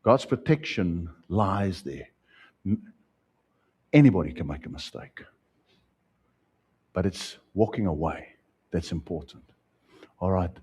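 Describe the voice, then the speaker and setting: South african pastor guy mid sermon, husky and kinda dark sounding, goes loud then drops soft. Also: low voice, slow pace, pauses often. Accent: South African English. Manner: preaching with wide swings, rising loud then dropping soft.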